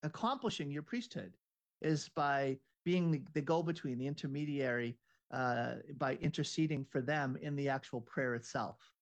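A man's voice: medium pitch, moderate pace. A man co-hosting a casual conversation, talking in an earnest, searching way and often restarting his sentences.

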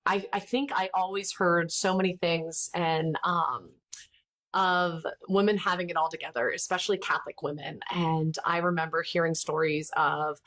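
A woman's voice: on the low side, normal speed. A woman in her thirties, a podcast host, talking candidly and chattily in an interview, acting out the people in her stories. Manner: chatty, candid, animated retelling with voiced quotes. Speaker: podcast host and ministry founder. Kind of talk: casual interview chat.

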